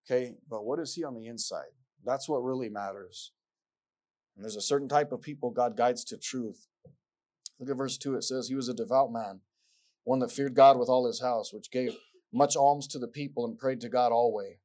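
Man, preacher, sermon, emphatic, repeats himself, rhetorical questions, mid-pitched voice. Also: moderate pace, a little mellow. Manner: reads scripture aloud in King James wording.

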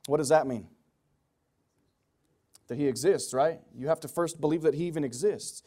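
A man preaching a sermon, emphatic, swinging from loud pleading passages to low quiet asides. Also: normal speed, long pauses.

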